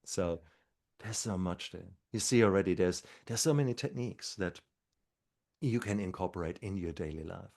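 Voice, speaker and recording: A man's voice: sits low, vocal fry. A man speaking as a guest doctor in a podcast interview, talking in an earnest, encouraging way. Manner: speaks slower when calm.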